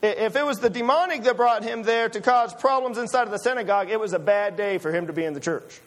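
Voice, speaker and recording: A man's voice: high-pitched, fast talker. A man preaching a sermon, emphatic and full of rhetorical questions to his listeners.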